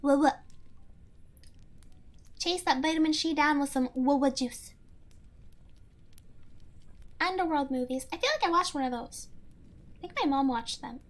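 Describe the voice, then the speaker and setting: Giggly female streamer: very high, bright voice, unhurried casual chat. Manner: giggly, playful, chatty.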